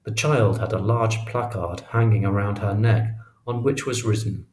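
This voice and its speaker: Low-voiced male audiobook narrator. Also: a little hiss or hum. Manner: measured, expressive storytelling. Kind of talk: audiobook reading of a memoir. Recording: roomy echo.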